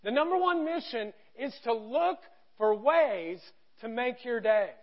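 A man in his thirties preaching a sermon, telling a story with animated quoted voices. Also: extremely high pitch, unhurried. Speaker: pastor. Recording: dull lo-fi sound.

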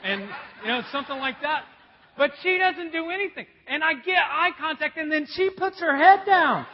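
A man pastor telling a story in a sermon, animated and poking fun at himself. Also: very high voice, moderate pace, some chatter behind, a little hiss or hum. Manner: animated, self-mocking storytelling. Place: church auditorium. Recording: dull echoey hall recording.

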